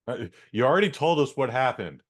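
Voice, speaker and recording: A man's voice: mid-range voice, expressive, brisk. A man from San Francisco co-hosting a casual podcast, rambling bluntly and swearing. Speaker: podcast co-host.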